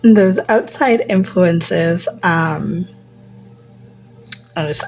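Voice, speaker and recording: Slow, gravelly-voiced woman reading tarot. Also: fairly low pitch, soft background music, rough recording. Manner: slow and musing, trails off with fillers and repeats, soft and half-whispered at times. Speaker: tarot reader. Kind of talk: casual tarot card reading.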